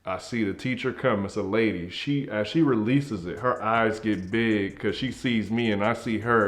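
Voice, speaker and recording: A young man telling a comedic story from his childhood, acting out the scenes and dropping into hushed tones. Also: mid-range voice, normal speed, hardly any pauses. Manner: animated, acts out scenes, drops to hushed tones. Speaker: comedy group member.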